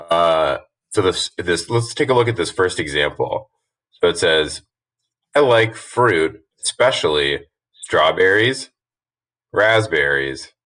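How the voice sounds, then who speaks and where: A man with a very low voice talks through slides as a teacher. He reads each rule and example aloud slowly and patiently, then explains it in plain words, pausing often on "uh". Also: a bit bright. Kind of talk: slide lesson narration.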